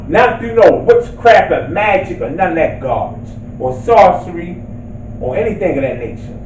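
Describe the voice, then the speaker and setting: A man delivers a fiery sermon in a very high, animated voice, rising into shouts as he reads scripture. He sounds set back from the microphone in a roomy, echoing space. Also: recorded from a distance, slight background noise. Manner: impassioned, shouting at times. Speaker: street preacher.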